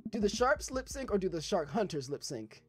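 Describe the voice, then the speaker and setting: Young adult gamer, let's play commentary, reads game text aloud, swears, laughs, middle pitch, faint music behind. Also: big pitch swings, fairly quick. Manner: loose and profane, breaking into laughter.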